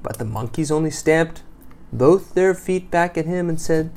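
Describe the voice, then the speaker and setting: A woman reading a picture book aloud to a child, patient and gently expressive. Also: sits low, moderate pace.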